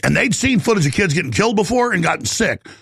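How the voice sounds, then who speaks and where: A man's voice: high-pitched, sing-song, quick pace, gravelly, a bit bright, breathy edge, dry recording, clean studio sound. A middle-aged man hosting a talk show, ranting in a rambling, heated monologue.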